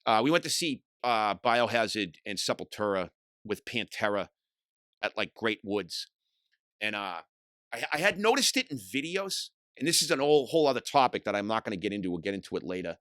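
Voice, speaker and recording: A middle-aged man, hosting a podcast and telling hardcore scene stories in a profane, animated way. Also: on the low side, fairly quick, dry recording, studio quality. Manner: profane, animated storytelling, acts out quotes loudly. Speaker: podcast host. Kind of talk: casual storytelling monologue.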